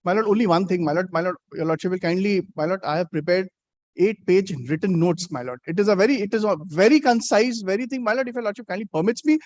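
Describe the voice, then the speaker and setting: High-voiced, rapid pleading advocate. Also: male voice, a little mellow, no room sound, muffled recording. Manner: insistent, pleading, repeats "my lord" constantly. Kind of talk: courtroom pleading. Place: courtroom.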